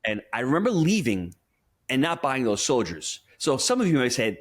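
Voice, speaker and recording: A male money coach speaks with a lively, swinging pitch that rises and falls as he makes his points. He tells stories and coaches the listener in an emphatic, conversational way, sounding like a podcast guest in full flow. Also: fairly quick, husky. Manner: animated storyteller, emphatic and coaching. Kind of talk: conversational interview.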